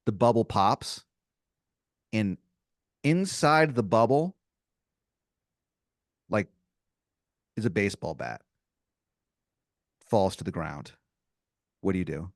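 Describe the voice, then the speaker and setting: A man's voice: fairly low pitch, expressive, takes it slowly, pauses often, no room sound, studio quality. Man narrating an improvised game. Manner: casual, profane, rambling with fillers. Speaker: game master.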